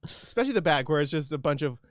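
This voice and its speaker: A woman's voice: low-pitched, expressive, fast talker, no echo, studio quality. A woman co-streaming a game, chatting casually and teasing herself.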